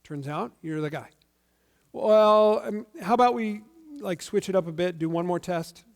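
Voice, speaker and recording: A man's voice: high voice, moderate pace, big-room sound. A man voicing Gideon as a reluctant man who keeps asking for one more test, in a casual, hedging way.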